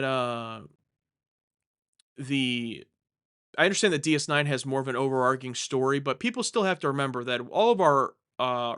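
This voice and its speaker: A man's voice: mid-range voice, a bit bright, clear, resonant tone. Chatty man hosting a live Q&A. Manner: rambling, self-correcting, jokey. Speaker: livestream host answering viewer questions. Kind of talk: casual live Q&A chat.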